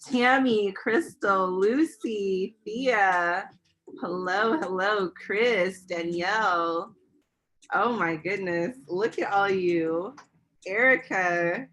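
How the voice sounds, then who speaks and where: A woman craft instructor greeting a big online class, excited and bubbly and laughing often, on a webcam mic. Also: mid-range voice, extremely slow, a little hiss or hum, rough recording.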